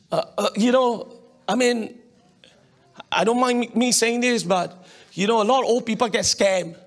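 A man with a Singaporean English accent preaching a sermon as pastor, animated and colloquial, calling on the congregation to respond. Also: extremely high pitch, moderate pace.

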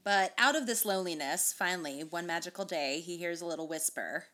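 A woman's voice: fairly low pitch, fairly quick, pushed and bright. A woman co-hosting a podcast, chatting enthusiastically about a children's book and laughing often. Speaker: podcast co-host. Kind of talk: casual book discussion.

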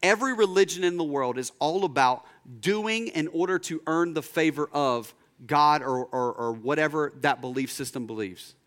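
The speaker is a young man preaching as a pastor; he relates a story, performs the voices within it, and drops low and slow to underline ideas. His voice is a little bright.

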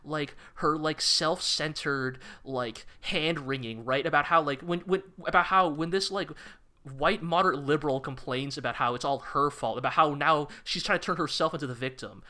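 A man co-hosting a casual podcast, his voice on the higher side and bright with edge. He talks in an animated, impassioned way, tumbling over quick restarts. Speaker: podcast co-host. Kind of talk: casual chat reviewing anime.

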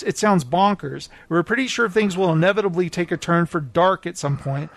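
A man's voice: sits high, no room sound. A man co-hosting a casual, jokey entertainment news chat and running through the week's shows. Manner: jokey, animated, breaks into mocking shouted impressions. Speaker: co-host.

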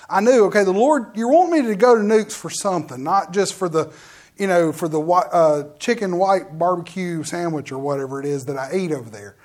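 In a brisk, mid-pitched voice, a middle-aged minister delivers a sermon testimony in full storytelling flow. Lively asides to the congregation keep interrupting, and sentences often start over halfway.

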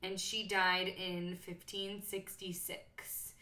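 Bright, joking woman podcast co-host. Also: fairly low pitch, little pitch movement, slow. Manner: joking, rambling with many side stories. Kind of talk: casual chat.

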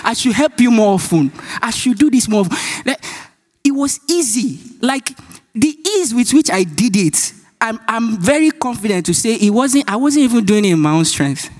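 A man's voice: extremely high pitch, moderate pace. A man with a Nigerian accent preaching a sermon, telling stories, acting out dialogue and laughing often. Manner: animated storytelling, acts out dialogue, laughs often.

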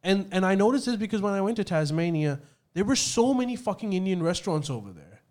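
A man's voice: sits high, very animated, fast talker, darkish tone. A man in casual chat, telling stories animatedly and swearing freely.

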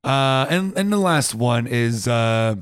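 A man from Rhode Island, co-hosting a podcast in casual chat, animated as he acts out both sides of a dialogue. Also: medium pitch, slow pace, clean tone, dry recording. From Rhode Island, USA. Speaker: podcast co-host.

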